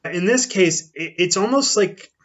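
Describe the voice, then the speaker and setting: A man's voice: high voice, measured pace. A man giving a casual spoken book review, rambling and thinking aloud in a conversational way. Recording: dull lo-fi recording.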